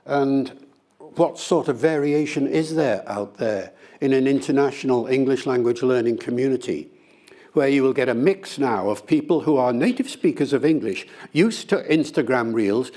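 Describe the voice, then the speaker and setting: An older man with a medium-pitched voice answers an interviewer's questions in an easy, conversational way. He talks with animated flair and shows his points through playful demonstrations. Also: moderate pace. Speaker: linguist being interviewed.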